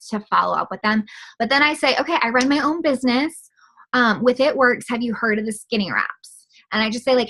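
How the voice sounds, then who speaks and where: A woman's voice: mid-range voice, pushed and bright. A woman guest on a video call, chatting casually and acting out little quoted conversations with lots of fillers. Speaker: guest, direct sales distributor.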